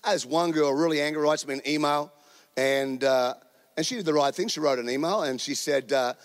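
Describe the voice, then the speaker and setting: Speaking as a guest, a middle-aged Australian man preaches a sermon in a fairly high voice. He's an animated storyteller who cracks jokes and tosses in quick asides.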